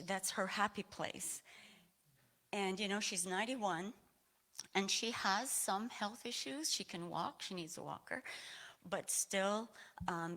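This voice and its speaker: A woman from Aroostook County, Maine, with a mid-range, fairly bright voice, gives a personal testimony at a church service. She meanders conversationally and is audibly emotional.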